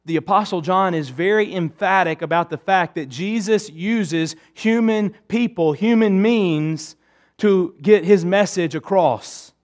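A male pastor preaching a sermon to his church, emphatic, swinging between raised urgency and hushed intensity. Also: sits high, unhurried.

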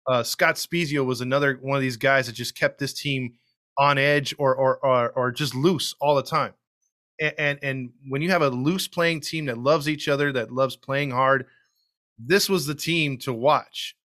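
A man co-hosts a podcast of casual sports chat, talking enthusiastically and rambling with frequent restarts. His mid-range voice has a sharp tone and moderate pace, recorded dry with clean studio sound.

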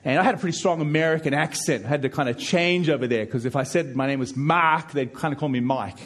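A middle-aged man gives an emphatic sermon as a pastor, often repeating words and pushing key lines up in pitch and loudness. He moves at a quick pace.

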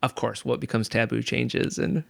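A man's voice: medium pitch, little pitch movement, moderate pace, gravelly, no echo. A man in casual conversation about comedy, rambling and leaning on "like" and "you know".

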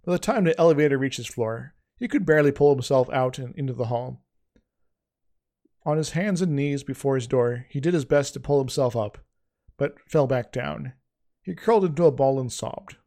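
Male amateur author narrating his story; mid pitch, plain, casual, slips kept in. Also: normal speed, warm tone. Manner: plain reading with frequent slips and restarts.

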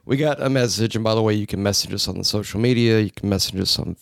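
Gravelly, joking podcast host man. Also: fairly low pitch, fast, no room sound. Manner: jokey, laughs often, rambling. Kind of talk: casual chat, reading a listener message.

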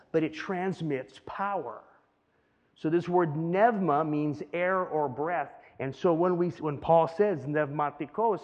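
A man's voice: a little high, highs cut off. A man preaching a teaching sermon in a conversational way, often checking in with the listeners. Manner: conversational, keeps asking "right?". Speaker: pastor. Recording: long hall reverb.

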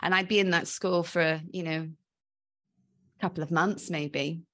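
A woman in her forties from South Wales, her accent a mix of Welsh and Australian, tells her life story as an interview guest. She's reflective and says um a lot, speaking a little slowly in a lowish, fairly bright voice with fairly even intonation.

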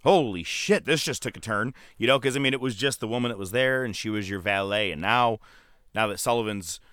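Bright, clear-voiced man chatting excitedly. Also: fairly low pitch, fairly quick, no room sound, clean studio sound. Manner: excitable, profane, laughs often. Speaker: podcast co-host. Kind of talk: casual chat.

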